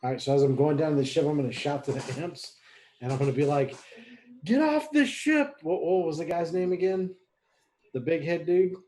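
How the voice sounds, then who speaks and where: A man's voice: on the high side, level tone, a little fast, warm tone. A young man playing a tabletop game, talking in an easygoing way with dry, self-mocking humor. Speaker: player.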